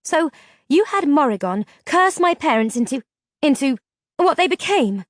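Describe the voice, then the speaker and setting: A woman's voice: sits high, big pitch swings, normal speed, no room sound, clean studio sound, pitched above the performer's own voice. A woman reader voicing a fierce, defiant young heroine who speaks in heated outbursts. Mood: accusing.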